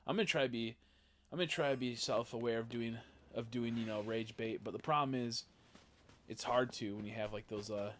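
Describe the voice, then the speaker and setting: A man streaming a video game, chatting casually and rambling, swearing often and reacting excitedly to what happens on screen. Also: mid-range voice, a little fast, a little hiss or hum. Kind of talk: casual live-stream commentary while playing.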